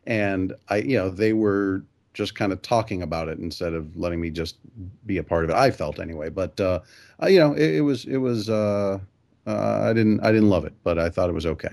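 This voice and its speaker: A man's voice: low-pitched, fairly quick, vocal fry, a little mellow. A man co-hosting a movie podcast, talking casually and hesitantly with many restarts. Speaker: podcast co-host. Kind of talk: casual movie review chat.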